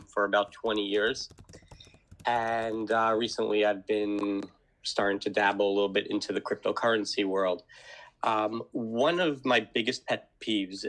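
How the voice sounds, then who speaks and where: A man's voice: fairly low pitch, vocal fry, bright, forceful tone. A man calling in as a guest on a podcast, talking casually with frequent restarts and questions.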